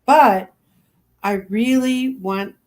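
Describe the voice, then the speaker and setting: A woman in her seventies, a crystal reader, chatting as a guest and telling lively stories in which she acts out the voices of others. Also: fairly high pitch, extremely slow. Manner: chatty, animated storyteller acting out quoted voices. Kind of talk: casual storytelling chat.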